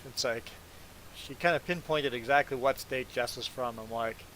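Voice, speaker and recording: A man's voice: medium pitch, moderate pace, pushed and bright, slight background noise, rough recording. A man whose first language is not English, streaming a farming game and chatting casually and rambling to viewers. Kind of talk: casual chat while gaming.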